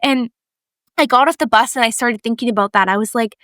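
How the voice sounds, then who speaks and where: A young woman with a fairly high voice chats casually on a faith podcast. She tells a story with lively, animated delivery, acting out each person's lines and saying "like" a lot. The sound is dry and close. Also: brisk, no room sound. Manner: animated storyteller, acts out quoted voices, lots of "like". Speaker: podcast co-host.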